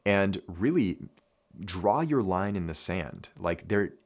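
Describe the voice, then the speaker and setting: A man with a notably deep voice teaches a lesson on mindset to camera. He is earnest and reflective, and he repeats his main phrases so they land. He speaks as a coach addressing his players. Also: lively intonation, slow. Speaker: basketball coach. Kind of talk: instructional talk to camera.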